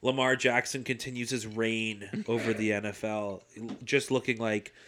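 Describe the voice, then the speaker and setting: A man's voice: on the low side, flat delivery, moderate pace, a little hiss or hum. A man co-hosting a casual sports podcast, joking, swearing and laughing. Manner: jokey, swears, laughs loudly. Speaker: podcast co-host.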